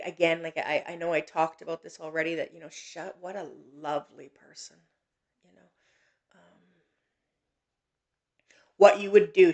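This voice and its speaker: Lady doing a psychic reading, gravelly voice, pretty flat, lots of ums, soothing. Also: deep voice. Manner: gentle, reassuring, halting with many fillers. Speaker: psychic medium host. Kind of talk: live-stream reading, casual chat.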